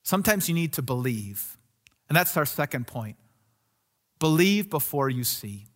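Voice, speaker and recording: A man's voice: a little high, big pitch swings, a little slow, fairly bright tone. A male pastor delivering a sermon in an earnest, conversational way, often restarting his sentences.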